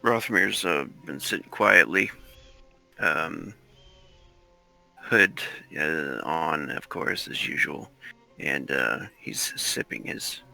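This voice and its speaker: Gravelly, bright-toned male player. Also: extremely low pitch, slow pace, soft background music, low-quality recording. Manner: quiet, hesitant. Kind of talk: describing his character in a tabletop game.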